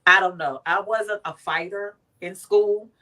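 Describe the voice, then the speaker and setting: A woman from Washington, D.C. talks with emphatic, animated energy, slipping into little acted quotes as she makes her point. Her voice sits at an ordinary middle pitch for a woman. She speaks as a guest in a motivational, faith-based conversation. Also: a little slow.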